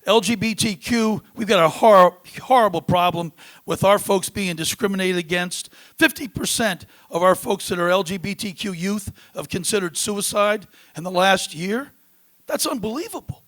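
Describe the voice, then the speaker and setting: A male congressional candidate speaks in a debate with a notably high voice. He is earnest and emphatic, leaning on fillers as he builds his points. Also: moderate pace, a bit bright. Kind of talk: debate answers.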